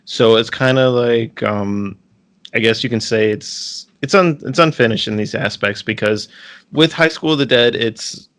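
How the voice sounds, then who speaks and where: A man co-hosting a podcast, talking casually and haltingly, with frequent ums and restarts. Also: mid-range voice, a bit bright. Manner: hesitant, lots of ums and restarts. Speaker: podcast co-host. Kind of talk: casual chat.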